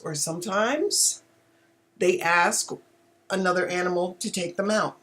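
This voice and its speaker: A woman hosting a live online talk show on animal communication, speaking casually and emotionally, often exclaiming and laughing. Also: lowish voice.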